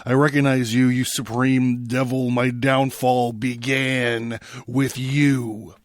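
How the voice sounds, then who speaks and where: Guy reading as a scared old monk, slow, dry close sound, griping and accusing. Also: mid-range voice, little pitch movement, dry recording, lightly acted. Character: frightened old monk, angry then plaintive.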